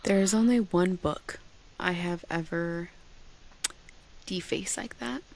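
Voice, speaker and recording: A woman in her forties, a bookstore founder and podcast guest, telling stories animatedly, swearing and acting out quoted dialogue. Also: on the low side. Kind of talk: casual podcast chat.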